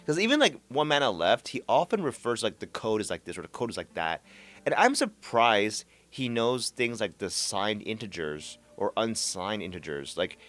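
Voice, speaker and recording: Animated man in casual gaming chat. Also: lowish voice, moderate pace, soft background music. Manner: animated, laughs often, trails off and repeats words. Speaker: podcast host.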